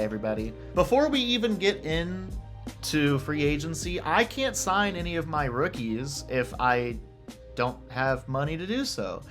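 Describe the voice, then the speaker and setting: A man casually commentating his own football video game session, reacting loudly to plays and talking to the players on screen. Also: mid-range voice. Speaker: gamer playing a football video game franchise. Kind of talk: casual let's-play commentary. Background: game music.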